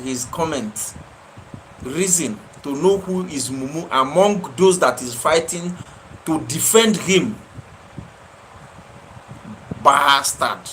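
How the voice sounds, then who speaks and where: Nigerian man, livestream host, slightly high voice, slow deliberate delivery, fiery and scolding. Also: pushed and bright, a little hiss or hum, rough recording. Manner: impassioned, scolding, repeats his phrases for emphasis. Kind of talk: live-stream commentary answering viewers.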